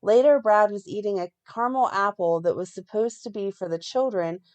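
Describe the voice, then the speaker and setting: A woman co-hosting a fan podcast, reading a plot recap in a steady run and breaking off now and then to comment. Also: medium pitch, a little fast. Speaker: podcast co-host recapping a soap.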